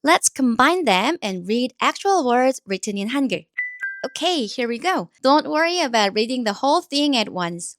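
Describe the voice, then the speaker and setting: A woman with a Korean accent teaches reading in a slow, deliberate way, pausing to repeat each sound for her learners. Her pitch sits a little high and moves a lot. The recording is dry and close. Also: no room sound.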